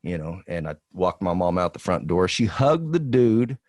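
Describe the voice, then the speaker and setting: Deep-voiced man telling a rambling story. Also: moderate pace, no echo, studio quality. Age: 40s. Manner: profane, rambling storytelling with animated quoted voices. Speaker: podcast co-host. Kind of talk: casual chat.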